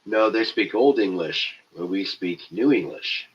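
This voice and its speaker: A man's voice: fairly low pitch, lively intonation, unhurried. A man with a stuffy nose hosting a casual live stream, joking loosely, swearing freely and reading out viewer comments. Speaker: livestream host. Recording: dull lo-fi stream audio.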